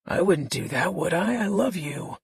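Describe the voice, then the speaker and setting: Woman narrating as a flip controlling middle-aged man, coaxing, lower husky voice, dry audiobook sound. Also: animated, moderate pace, full character voice. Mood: dismissive. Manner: coaxing, dismissive. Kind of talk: audiobook character voice.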